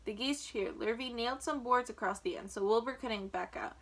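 A woman reading a children's book aloud in a clear, steady storytelling manner. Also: fairly high pitch, a little fast. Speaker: storybook reader.

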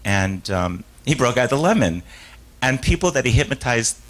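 A man's voice: medium pitch, big pitch swings, normal speed, fairly bright tone, low-quality recording. A man giving a live author talk and taking audience questions, a stage hypnotist who rambles, restarts his sentences and acts out voices in his stories. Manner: rambling, self-interrupting storyteller with frequent restarts and laughs.

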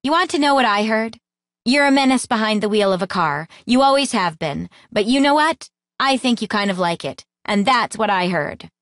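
A woman reading an audiobook, voicing a jealous young woman who snaps back loudly and sarcastically. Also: a little high, expressive, normal speed, no room sound, clean studio sound. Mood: sarcastic outburst. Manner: loud, sarcastic, snappish.

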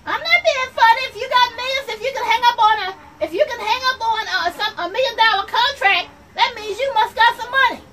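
A woman's voice: very high-pitched, brisk, hardly any pauses, fairly bright tone, slight background noise. A woman performing a comic monologue as an office worker, sassy and repetitive, talking straight to the audience. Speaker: comedy sketch performer. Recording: voice from far off the mic, faint ambience.

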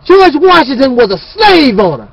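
Fiery preachy man with a high voice. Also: very animated, normal speed, no echo, lo-fi sound. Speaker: channel host. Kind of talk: ranting monologue.

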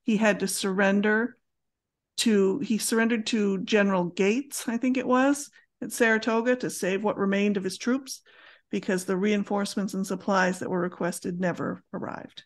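A middle-aged woman in a medium voice talks as a podcast co-host. She is relaxed and meandering, often pausing with fillers as she thinks aloud. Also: medium pitch. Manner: relaxed, hesitant, many fillers. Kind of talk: casual chat.

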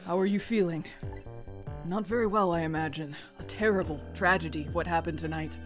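A woman voicing a male ghost desk lamp, speaking slowly in a deep, sultry, teasing tone. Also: music in the background, natural voice. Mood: sly. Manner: slow, smooth, teasing mentor.

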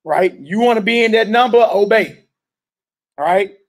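In a high voice at moderate speed, a man delivers an emphatic street-style sermon to an assembled room. He questions and urges his audience directly, drawing them into call and response.

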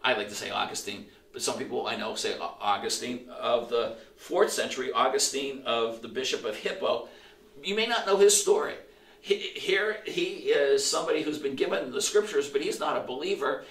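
A middle-aged male pastor preaching a sermon, telling stories in an animated way, acting out the quotes and often restarting his phrases. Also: medium pitch, moderate pace. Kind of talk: sermon storytelling. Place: church sanctuary. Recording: roomy echo, voice from a distance.

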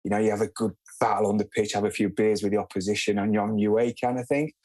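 Podcast guest: low-pitched man, easygoing and reflective, dry recording. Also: fairly even intonation, fast talker, darkish tone, no room sound, low-quality recording. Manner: easygoing, reflective, short plain sentences. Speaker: guest, former footballer. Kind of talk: casual podcast chat.

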